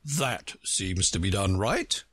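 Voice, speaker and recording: A man reading a storybook aloud, voicing a pompous, scornful know-it-all who speaks in a lively, lilting way. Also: low-pitched, slow pace, slightly rough, dry recording, full character voice.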